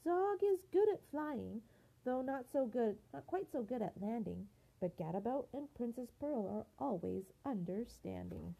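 A woman reads a rhyming picture book aloud for her family in a lilting, sing-song voice. Her tone is mellow and dark, with a husky, gravelly texture. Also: on the high side, lively intonation, a little slow, poor audio.

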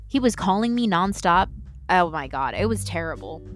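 A young woman hosting her own podcast, ranting candidly and swearing freely, with sudden animated, mocking outbursts. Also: on the low side, moderate pace, faint music behind. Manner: candid and heavily profane, ranting. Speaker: podcast host. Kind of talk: solo podcast rant.

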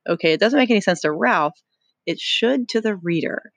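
A teacher reading a novel aloud, pausing to explain and pose questions to the listener. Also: mid-range voice, animated, a bit bright, dry recording. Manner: explains and poses questions to the reader.

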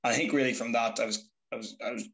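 A man's voice: mid-range voice, steady tone, quick pace, a bit bright, poor audio. A young man, telling stories about his life in a chatty, self-mocking way. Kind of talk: casual storytelling.

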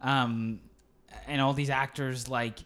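A man's voice: mid-range voice, flat delivery, slow pace, a bit bright. A young man in casual podcast chat with an ordinary mid-range voice. He gushes about what he loves and leans on filler words. The talk stays loose and eager. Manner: gushing, enthusiastic, many fillers. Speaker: podcast co-host.

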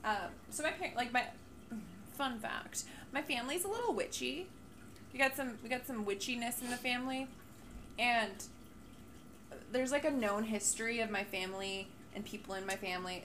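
A woman's voice: medium pitch, slight background noise. Chatty laughing young woman co-host. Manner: animated, laughing, chatty with playful quoted voices. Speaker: podcast co-host. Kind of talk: casual chat.

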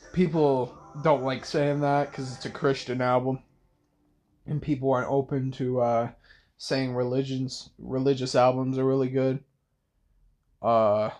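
A man's voice: medium pitch, a little mellow. Rambling young man musing late at night. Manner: rambling, with many fillers and restarts. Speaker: podcast host. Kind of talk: casual late-night monologue.

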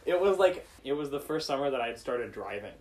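A man's voice: medium pitch, brisk. A young man chatting casually with friends, telling a funny story with lots of laughter. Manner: animated storyteller, often laughing. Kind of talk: casual chat among friends.

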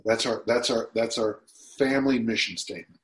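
A man's voice: mid-range voice, fairly even intonation, a little fast. Reflective man in his sixties, roomy sound. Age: 60s. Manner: reflective, emotional at times. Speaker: guest. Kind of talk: podcast interview. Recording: roomy echo.

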